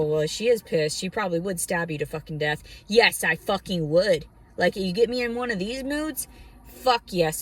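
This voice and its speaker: A woman vlogger ranting to camera about her life, blunt, heated and full of profanity. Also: medium pitch. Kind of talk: angry personal rant to camera.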